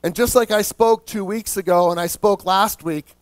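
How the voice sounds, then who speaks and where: A high-voiced man preaching as pastor slows on important words to stress them and calls on the congregation to answer back. No echo is heard.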